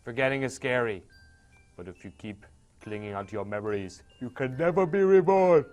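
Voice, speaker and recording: A man voicing a calm old male spirit bird with a put-on Jamaican accent, speaking slowly and softly. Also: medium pitch, faint music behind, natural voice. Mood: solemn.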